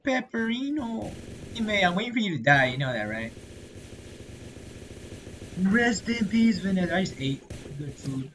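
A gaming creator doing casual let's-play commentary, excitable and slangy, blurting reactions and yelling at other players. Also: mid-range voice, quick pace, few pauses, slight background noise. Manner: slangy gamer talk.

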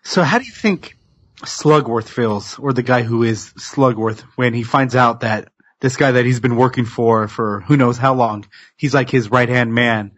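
Man, podcast co-host, husky, slightly muffled, dry sound. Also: medium pitch, moderate pace, no room sound. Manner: joking, animated. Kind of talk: casual chat.

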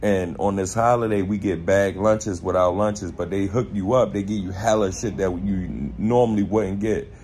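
A young man with a Baltimore accent telling a casual story, animated and profane, acting out quotes in street slang. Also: low voice, normal speed, hardly any pauses, a little hiss or hum. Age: young adult.

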